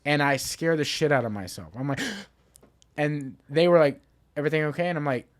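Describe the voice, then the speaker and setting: Relaxed young man telling a story. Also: fairly high pitch, normal speed. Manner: relaxed storytelling, swears casually. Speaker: podcast guest. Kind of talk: casual chat.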